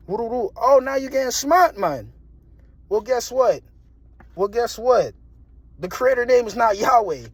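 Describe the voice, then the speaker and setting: A young man telling a story in a casual monologue, animated and slangy, repeating himself and laughing often. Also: sits high, no echo. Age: young adult. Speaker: vlogger.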